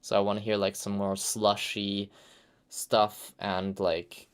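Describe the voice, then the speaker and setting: A man's voice: lowish voice, flat delivery, takes it slowly, smooth. A man hosting a live stream, giving loose, chatty feedback full of "like" fillers and the odd swear. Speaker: host reviewing game audio reels.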